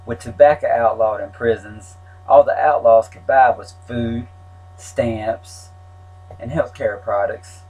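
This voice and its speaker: A man's voice: medium pitch, fairly even intonation, takes it slowly, darkish tone, faint music behind, rough recording. A man reading his own story aloud in a plain, wry telling. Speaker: memoir narrator.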